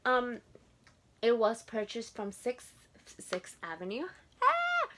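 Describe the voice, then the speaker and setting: A woman's voice: fairly high pitch, slow pace, slight background noise. A woman in her twenties with a Spanish accent, chatting to camera in a casual haul vlog, gushing and repeating words for emphasis. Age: 20s. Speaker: vlogger.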